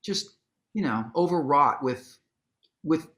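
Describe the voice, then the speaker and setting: A man telling a long anecdote in an onstage conversation, casual and profane, acting out what people said with sudden jumps in his voice. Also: takes it slowly. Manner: animated storyteller, acts out quotes with big pitch jumps; casual, swears freely, restarts sentences. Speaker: guest, musician and author.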